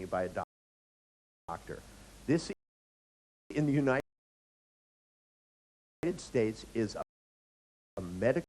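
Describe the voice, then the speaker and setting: A man's voice: fairly low pitch, slow pace, pauses often, slightly rough, rough recording. A man teaching hypnotherapy, telling anecdotes and acting out lines in a sing-song way. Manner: animated storyteller, acts out lines in sing-song. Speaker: hypnotherapy instructor. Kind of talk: lecture with anecdotes. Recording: faint hiss.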